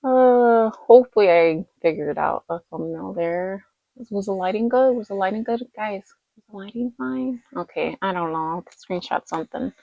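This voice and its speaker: A woman's voice: medium pitch, moderate pace, vocal fry, dry recording, muffled recording. A woman casually reviewing dolls in a rambling, chatty vlog, tired late at night. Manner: chatty and rambling, lots of fillers and self-corrections. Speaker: doll collector vlogger.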